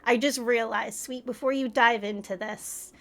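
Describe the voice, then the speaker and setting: A woman's voice: a little high, fairly even intonation, moderate pace, a bit bright. A woman streamer chatting casually with her live audience, flustered and giggling often. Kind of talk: casual livestream chat.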